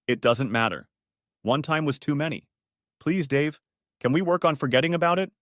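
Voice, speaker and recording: A man's voice: on the high side, expressive, normal speed, fairly bright tone, no room sound, clean studio sound, pitched above the performer's own voice. A man voicing a heartbroken middle-aged wife who begs through tears. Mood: pleading. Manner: tearful, begging.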